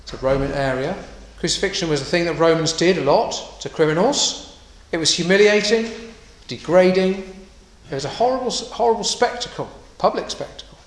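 A man preaching a sermon in a conversational, animated way, slipping into quoted voices and asides. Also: sits high, moderate pace, echoey room, rough recording.

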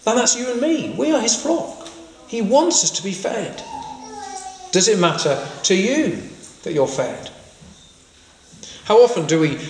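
A man preaching a sermon, earnest and full of questions put to his listeners. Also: sits high. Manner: questioning, earnest, emphatic rises. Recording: echoey hall with long reverb.

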